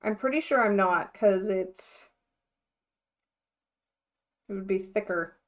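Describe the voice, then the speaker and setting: A woman's voice: medium pitch, slow pace, heavy background noise. A young woman from the United States chatting casually on a livestream, scattered and thinking aloud, laughing often as she talks to her chat. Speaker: mermaid vlogger livestreaming.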